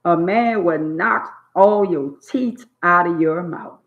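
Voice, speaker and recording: An older woman, scolding in a blunt, preachy monologue on her channel. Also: on the low side. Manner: drawn-out emphatic words. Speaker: channel host. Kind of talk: opinionated monologue. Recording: dull lo-fi phone audio.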